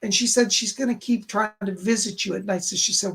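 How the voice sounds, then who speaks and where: A man's voice: sits high, fairly even intonation, fairly quick, creaky, pushed and bright, slightly rough. A man hosting a live stream as a psychic medium, chatting reassuringly as he reads chat questions aloud and passes on messages. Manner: chatty and reassuring, with many "and she said" asides.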